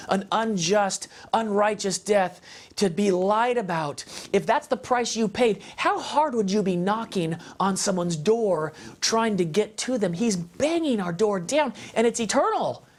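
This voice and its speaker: A man's voice: sits high, a little slow. Passionate man sharing his faith. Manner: passionate, emphatic, repeats phrases for stress; conversational, with fillers and restarts. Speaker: guest speaker on a parenting show. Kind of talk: heartfelt faith testimony.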